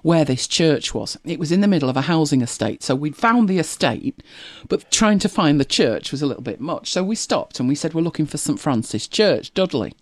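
A woman's voice: deep voice, expressive, fairly quick, hardly any pauses, no room sound. A woman, co-hosting a casual chat and telling stories with laughing asides. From northern England. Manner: chatty storytelling, lots of laughing asides. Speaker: co-host.

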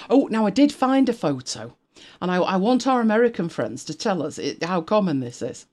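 A woman's voice: mid-range voice, big pitch swings, moderate pace, darkish tone. A woman from Britain co-hosting a casual chat stream, sarcastic and chatty, laughing often and thinking aloud as she reads. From United Kingdom. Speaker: co-host of a live stream.

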